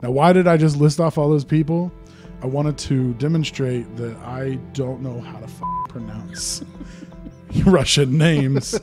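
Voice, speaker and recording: Joking young podcast host, rambling. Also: male voice, medium pitch, steady tone, a little slow, over music. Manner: joking, rambling, laughs often. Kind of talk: casual podcast chat.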